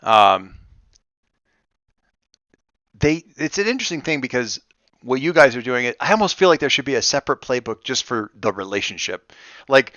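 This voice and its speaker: A man's voice: mid-range voice, big pitch swings, normal speed, pauses often, a bit bright, no room sound, highs cut off. A man acting as game master of a tabletop role-playing session, explaining rules in a rambling, self-correcting way.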